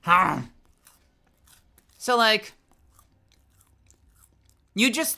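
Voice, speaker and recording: A woman in her thirties, a streamer chatting casually with viewers, outspoken and swearing freely, with lots of "like" fillers and an animated delivery. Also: medium pitch. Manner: animated, swings between quick bursts and drawn-out phrases. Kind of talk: casual live-stream chat, answering viewers.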